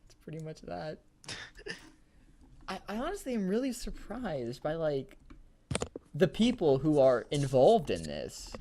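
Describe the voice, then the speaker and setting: A man's voice: fairly high pitch, sing-song, a little slow, pauses often, warm tone, a little hiss or hum. A young man co-hosting a casual podcast, rambling and laughing, swearing freely. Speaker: podcast co-host. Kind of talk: casual chat.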